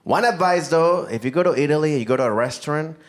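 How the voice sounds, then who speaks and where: A man's voice: on the high side, fast talker. A man from Venezuela with a Venezuelan Spanish accent, doing a laid-back stand-up set and laughing at his own jokes. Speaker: stand-up comedian. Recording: live stand-up with background noise.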